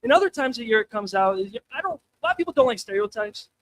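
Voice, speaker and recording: A young man on a comedy stage, with a strikingly high voice, runs a crude, self-mocking stand-up set. He talks loosely and casually, throwing questions out to the crowd as he goes. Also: expressive, fast talker, a bit bright, slight background noise.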